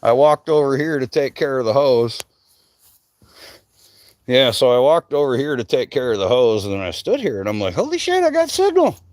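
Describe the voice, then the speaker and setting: A man's voice: mid-range voice, moderate pace, long pauses, a little mellow, dry recording. A man from Michigan who runs a tree business, chatting casually and swearing freely on a live stream from an outdoor work site. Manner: swears freely, loose rambling talk.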